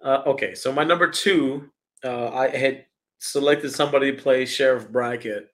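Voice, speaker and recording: A man's voice: mid-range voice, moderate pace, fairly bright tone. A man co-hosting a casual podcast, laid-back and full of fillers as he lists his picks. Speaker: podcast co-host. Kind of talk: casual chat.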